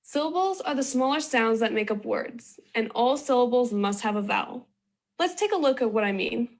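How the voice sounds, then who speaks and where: A woman presenting a children's phonics video in slow, clear, sing-song scripted narration. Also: fairly high pitch, animated, a little hiss or hum.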